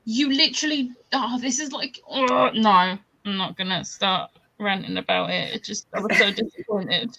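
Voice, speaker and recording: A young adult woman in a casual chat, animated and quick to launch into a rant. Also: medium pitch, creaky, poor audio.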